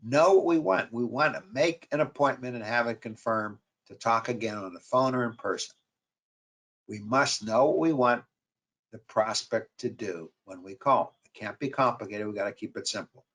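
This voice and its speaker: A marketing professor with a New York accent gives a webinar lecture on sales calls, his voice medium-pitched, a bit bright, and at a normal speed. His coaching delivery is repetitive and emphatic, hammering key points home.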